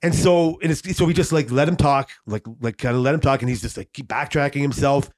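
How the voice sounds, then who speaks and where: A man's voice: mid-range voice, brisk. A man co-hosting a podcast, telling a long story in casual chat, rambling with lots of fillers and swearing. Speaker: podcast co-host.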